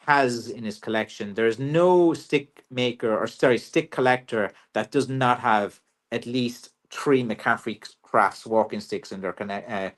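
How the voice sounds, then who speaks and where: An Irish man hosts a casual livestream, answering viewer questions about his walking sticks. He is chatty and jokey, with plenty of ums and uhs. His voice sits at an ordinary middle pitch. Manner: chatty, joking, loose with fillers.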